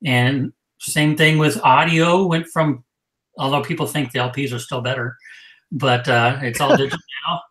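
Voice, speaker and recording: Male co-host, casual and jokey, mid-pitched, echoey room. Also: fairly even intonation, normal speed, a bit bright. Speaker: podcast co-host. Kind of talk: casual chat.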